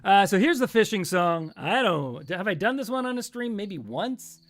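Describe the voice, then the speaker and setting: A man's voice: sits high, very animated, normal speed. A man hosting a livestream, rambling and joking with self-mocking asides between songs. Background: acoustic guitar.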